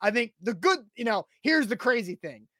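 A man's voice: very high voice, lively intonation, normal speed, pushed and bright, dry recording, clean studio sound. A man co-hosting a sports podcast in casual chat, teasing his co-host and laughing often. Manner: teasing, laughs often, speeds up when making a point.

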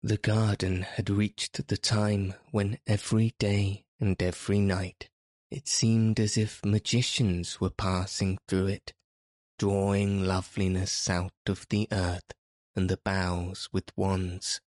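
A man reads a classic novel aloud with measured, gentle narration. His voice is deep and his pace unhurried, recorded close and dry. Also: flat delivery, no echo. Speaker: audiobook narrator. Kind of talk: scripted narration.

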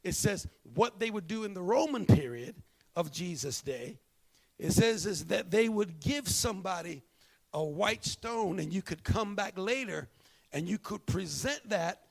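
A male pastor preaching a sermon, swinging from hushed, drawn-out lines to shouted ones. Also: high voice, lively intonation, gravelly.

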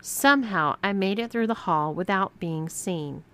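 A woman reading a scripted first-person story aloud as narrator, with expressive storytelling. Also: medium pitch, a little slow, smooth.

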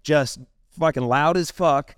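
A man's voice: fairly high pitch, slow, clean tone, no echo, clean studio sound. A man hosting a podcast, chatting enthusiastically and swearing casually. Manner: enthusiastic, profane. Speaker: podcast host. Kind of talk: casual chat.

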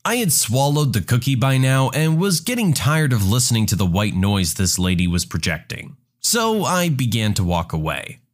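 A male narrator telling a scripted first-person story. His delivery is dry and mocking, and his voice sits at an average pitch. It rises and falls in very wide, lively swings. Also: normal speed, few pauses.

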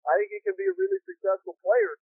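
A man's voice: extremely high pitch, big pitch swings, fast talker, creaky, no echo. Man on a tinny phone line. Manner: thoughtful, rambling with restarts. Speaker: hockey analyst guest. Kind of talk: casual phone-in chat.

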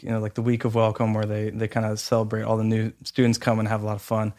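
A man giving a personal testimony, talking hesitantly with many fillers and restarts but growing lively when he quotes people. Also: on the low side, fast, few pauses.

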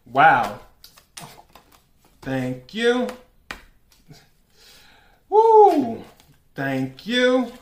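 Slow, laughing man reading tarot. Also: a little high, animated, a bit bright, a little hiss or hum. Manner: slow, laughs often, asks cards politely. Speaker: tarot reader. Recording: echoey room.

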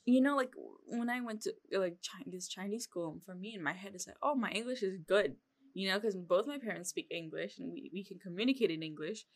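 A young woman co-hosts a podcast, chatting casually and laughing often. Her voice is medium-pitched and brisk.

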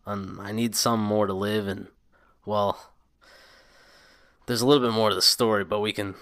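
A man's voice: fairly low pitch, fairly even intonation, normal speed, a bit bright, clean tone, no room sound, clean studio sound. A man voicing a drunken, self-pitying young man who rambles, grumbles and snaps at people. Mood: bitter rambling.

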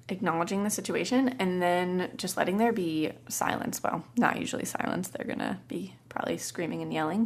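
Woman, parenting podcast host, casual, storytelling, voices quotes. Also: lowish voice.

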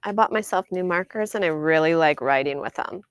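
A woman's voice: deep voice, a little fast, clean tone, dry recording, muffled recording. Chatty, giggly woman co-hosting a podcast. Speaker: podcast co-host. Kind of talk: casual chat.

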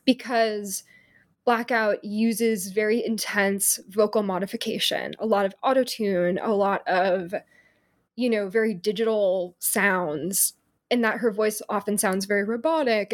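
A woman's voice: medium pitch, steady tone, a little slow. Woman author in interview, articulate but filler-heavy, conversational. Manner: articulate, frequent fillers like "you know" and "um". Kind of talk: interview answers.

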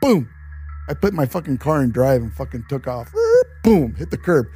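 A man swaps scary stories on a casual podcast, cursing freely as he builds the tension. His voice is mellow and darker in tone, and a faint music bed runs beneath him. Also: medium pitch, normal speed, breathy edge. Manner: swears a lot, animated storyteller. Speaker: podcast co-host. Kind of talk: casual storytelling chat.

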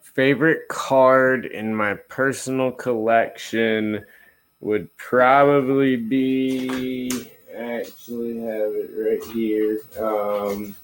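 A man's voice: mid-range voice, flat delivery, takes it slowly. A man in a casual interview, speaking as a guest. He talks in an easygoing, rambling way with lots of restarts. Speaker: guest, card collector and dealer.

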